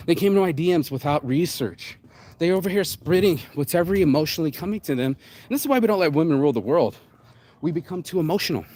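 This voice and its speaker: Male host, solo rant, profane and blunt, fairly high voice with sudden pitch leaps. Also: a little mellow. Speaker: show host. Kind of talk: solo ranting monologue.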